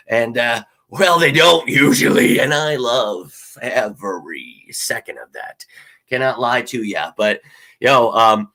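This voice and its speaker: A fired-up man hosts a live fan stream in loose, profane chat, swinging between loud bursts and mutters. His voice is forceful and sharp-edged, a bit worn from yelling at a game. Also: medium pitch, animated, a little slow. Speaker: sports fan show host.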